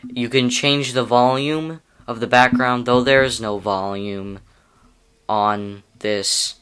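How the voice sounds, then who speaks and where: Slow, smooth-voiced young man explaining editing. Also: medium pitch, steady tone, fairly bright tone. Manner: rambling, self-correcting, amused. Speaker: YouTube tutorial creator. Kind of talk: casual screen-recorded editing tutorial.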